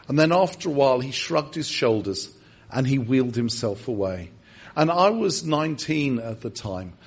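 A man preaching a sermon, telling stories and breaking off into animated asides and self-corrections. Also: a little high, breathy edge. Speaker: guest preacher.

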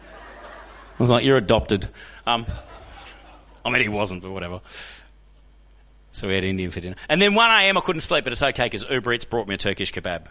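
An Australian man telling stories as a guest speaker to a church crowd, animated and joking, often putting questions to the audience. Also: mid-range voice. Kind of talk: energetic storytelling talk to a church audience. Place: church hall.

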